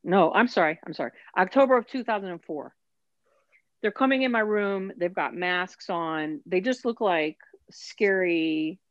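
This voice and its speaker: A woman with a notably low voice shares a personal story as an interview guest. She speaks candidly and with emotion. The recording is dry and slightly muffled. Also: measured pace, no room sound. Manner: candid, emotional, quotes others in her story.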